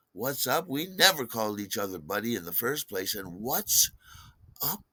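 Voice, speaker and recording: A man's voice: mid-range voice, sharp tone, no room sound. An older man telling a personal story in a wry, conversational way. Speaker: podcast host.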